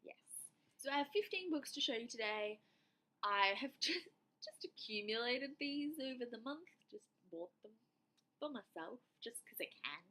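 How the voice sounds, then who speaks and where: A woman's voice: on the high side, lively intonation, moderate pace, a bit bright, poor audio. A young woman with an Australian accent chatting casually and enthusiastically about books she bought. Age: young adult. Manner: chatty and enthusiastic, filler-heavy. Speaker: book vlogger. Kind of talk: casual book haul chat. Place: indoor room with air conditioning.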